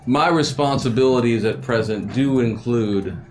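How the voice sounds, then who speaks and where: A man voicing a shadowy male handler of a secret group, speaking in a measured, formal way in a tabletop game. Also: mid-range voice, faint music behind, natural voice. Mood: calm. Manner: measured, formal, even delivery.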